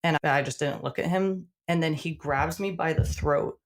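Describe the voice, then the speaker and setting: Low, gravelly-voiced woman telling her story. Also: moderate pace. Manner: animated, acts out quoted dialogue; frequent "like" fillers. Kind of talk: casual storytelling.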